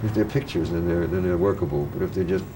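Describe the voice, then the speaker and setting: A man in his sixties, a poet reciting in a slow incantatory way and then talking loosely and reflectively in an interview, on an old videotape transfer. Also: deep voice, reverberant, background noise. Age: 60s. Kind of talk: poetry reading and interview answers.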